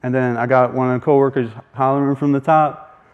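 A man's voice: medium pitch, little pitch movement, fairly quick, clear, resonant tone, highs cut off. A man sharing a faith testimony as a folksy, chuckling storyteller who acts out the voices of people in his story. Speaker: speaker sharing a personal testimony.

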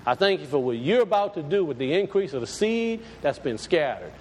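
A man preaching as pastor, with a high, light voice and a plain-spoken, folksy delivery. He drives his points home with emphasis. The sound carries a long, hall-like reverb. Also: sing-song, a little fast, a little mellow, slight background noise. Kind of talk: sermon.

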